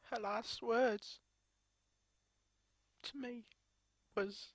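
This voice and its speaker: Grieving woman, crying through halting speech. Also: mid-range voice, a bit bright, dry recording. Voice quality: halting, broken by sobs and restarts. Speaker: vlogger. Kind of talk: tearful personal vlog.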